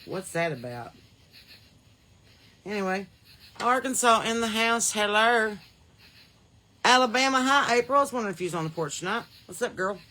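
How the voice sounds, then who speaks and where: A woman with a Southern American accent hosting a podcast, chatting folksy and loose from her porch into a phone, laughing often and swinging between loud and soft. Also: mid-range voice, expressive, normal speed, long pauses. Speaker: podcast host. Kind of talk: casual livestream chat. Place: outdoors on a porch. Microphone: phone on a holder.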